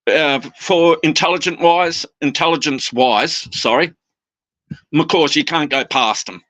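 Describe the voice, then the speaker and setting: A man's voice: a little high, measured pace, a bit bright, dry recording. A man chatting as a guest about his parrots, rambling with restarts and mimicking his birds' phrases, talking into a phone. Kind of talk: casual chat.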